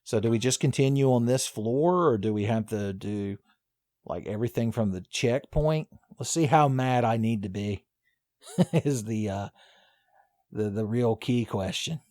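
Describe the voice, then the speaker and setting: A man's voice: mid-range voice, a little slow, darkish tone, no room sound. Joking gamer man with a drawl. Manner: joking, swearing, frequent laughs. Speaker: gaming video host. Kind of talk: let's play commentary.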